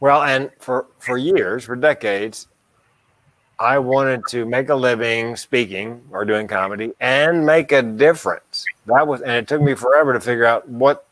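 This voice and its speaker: Man, podcast co-host, dark self-mocking humor, mid pitch, dry close sound. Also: moderate pace, dry recording. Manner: dark self-deprecating humor, laughs at own jokes. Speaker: podcast co-host and mental health speaker. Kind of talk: casual podcast chat.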